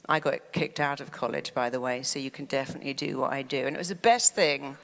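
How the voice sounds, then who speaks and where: A woman giving a motivational talk, animated, acting out fretful inner voices as she teaches. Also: rumbling low, vocal fry. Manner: animated, acts out quoted worries in a fast fretful voice. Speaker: therapist and speaker. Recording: long hall reverb.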